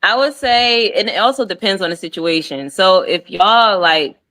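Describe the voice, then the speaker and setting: Bright-voiced woman guest in casual chat. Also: medium pitch, normal speed, rough recording. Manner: easygoing, laughs often. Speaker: podcast guest.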